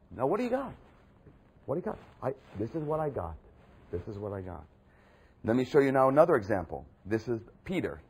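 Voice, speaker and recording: A man preaching a sermon with emphatic delivery, jumping from loud exclamations to low, quiet asides. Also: husky. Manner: emphatic, swinging between loud outbursts and low murmurs.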